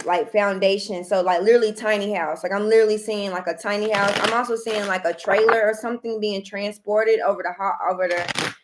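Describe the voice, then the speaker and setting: A woman talks through a tarot reading in a loose, chatty way. She keeps circling back to the same stock phrases and now and then lifts into bright bursts of excitement. Her voice sits at an ordinary middle pitch. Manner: chatty, repeats "heavy emphasis" and "okay", bursts of excitement. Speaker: tarot reader. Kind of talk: casual tarot reading to camera.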